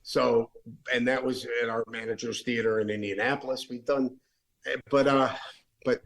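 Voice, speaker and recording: A man's voice: mid-range voice, steady tone, moderate pace, gravelly, poor audio. A late-middle-aged man, a rock musician guest, telling stories in a casual, rambling way, full of restarts and fillers. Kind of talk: casual storytelling.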